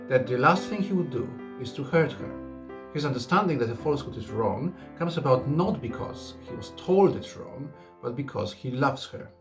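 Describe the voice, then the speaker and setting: A man narrating a storybook reading and then reflecting on it in earnest book commentary. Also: mid-range voice.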